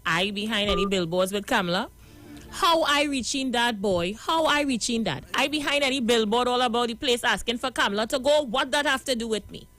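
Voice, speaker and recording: A woman hosting a call-in radio show, brisk and teasing as she cuts callers off. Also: on the high side, expressive, a bit bright. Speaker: radio talk show host.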